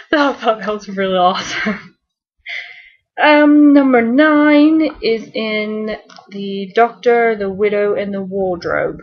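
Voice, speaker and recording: A woman's voice: mid-range voice, slow pace, highs cut off. A woman vlogging a casual fan countdown, bubbly and rambling, with lots of fillers and little giggles.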